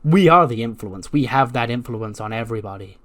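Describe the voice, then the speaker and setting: A haughty woman wrestler, as a man voices her, smug and condescending in every line. She drawls some words slowly and then rises in pitch. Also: lively intonation, fairly bright tone, natural voice.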